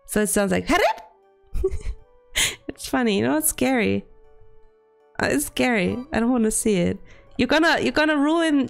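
A giggly, playful woman chatting casually while she streams a game with friends, her pitch sitting mid-range. She keeps slipping into squeaky silly voices between jokes. Faint music plays underneath her talk. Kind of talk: casual gameplay chat with friends.

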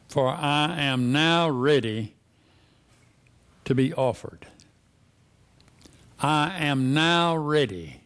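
A man preaching a sermon, reading verses and pressing the listeners with repeated questions. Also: mid-range voice. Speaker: pastor.

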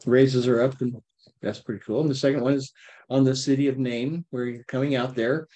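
A man teaching an informal Bible study, talking with his listeners in a lively, playful way and often checking in with them. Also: medium pitch, brisk. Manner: conversational, checks in with frequent "okay?".

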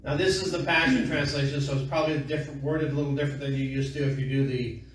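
A man's voice: medium pitch, fairly even intonation, fast talker, slight background noise. A middle-aged man preaching a sermon in a folksy storytelling way, trading call-and-response with his congregation. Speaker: pastor. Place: small church room. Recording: echoey room from far off.

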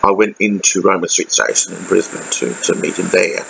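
A man with an Australian accent talking in a halting, emotional way with many fillers and restarts in a personal video diary. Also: sits low, expressive, vocal fry, fairly bright tone, a little hiss or hum, low-quality recording. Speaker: vlogger.

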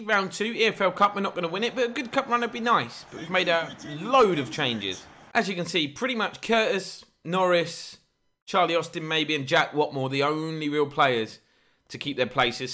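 Excitable young man commentating a game. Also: fairly high pitch, slight background noise. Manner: excitable, mock match commentary with jokey asides. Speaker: gaming YouTuber. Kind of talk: commentating his own football video game.

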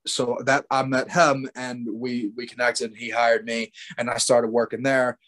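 A man's voice: medium pitch, flat delivery, normal speed, a bit bright. A man being interviewed as a wrestler, telling stories with animation, laughing and acting out his own remarks. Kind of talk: casual interview chat.

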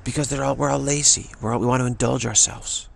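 A man's voice: mid-range voice, fairly even intonation, fast talker, gravelly. A man giving an emphatic spiritual talk, repeating and restarting phrases as he presses his point. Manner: emphatic, repetitive, many restarts. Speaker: spiritual teacher.

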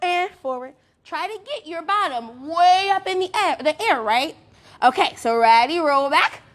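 A young woman teaching a sing-song music and movement class for toddlers, bubbly and encouraging, with excited gasps. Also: extremely high pitch, unhurried.

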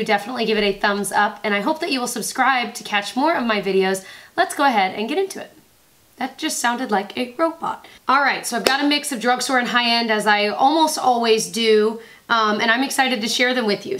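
A twentysomething woman reviews makeup in a chatty beauty vlog, her voice slightly high and a bit bright. She's bubbly and rambling, forever cutting herself off with little asides.

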